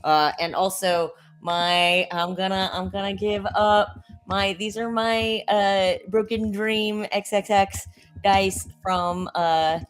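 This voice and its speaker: A woman with a mid-pitched voice chats casually as a player on a charity stream. She talks haltingly, restarting her sentences as she goes. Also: fairly even intonation, slight background noise. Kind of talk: casual chat.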